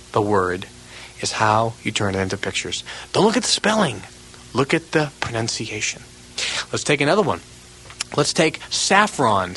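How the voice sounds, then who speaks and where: A man teaching a recorded memory course, repeating example words slowly and with emphasis. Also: mid-range voice, fairly bright tone, slight background noise, rough recording. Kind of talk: recorded instructional lesson.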